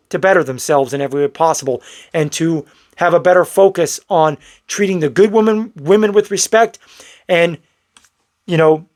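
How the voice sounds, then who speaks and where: A man talking straight to his viewers in a blunt, preachy vlog commentary, calling them bro. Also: fairly high pitch. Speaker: vlogger. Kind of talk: direct-to-camera commentary.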